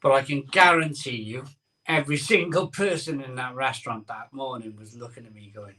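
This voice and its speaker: Chatty man, bright voice, set back from mic. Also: mid-range voice, normal speed, distant mic. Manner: chatty, rambling, repeats phrases. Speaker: host of a live beer-drinking show. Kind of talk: casual live-stream chat and storytelling.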